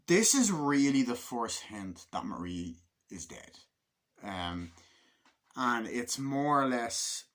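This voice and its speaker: A man reviewing a film in a casual vlog, rambling and excitable, swearing freely and acting out scenes in quick little voices. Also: lowish voice. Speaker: movie reviewer.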